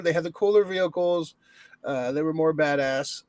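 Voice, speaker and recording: High-voiced casual male podcast host. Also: moderate pace, a crowd in the background. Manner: rambling, filler-heavy, swears casually. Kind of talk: casual chat.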